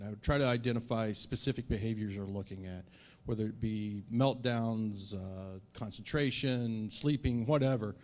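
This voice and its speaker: A man's voice: lowish voice, darkish tone. A man, a doctor on a conference panel, explaining things plainly and offering practical advice to families.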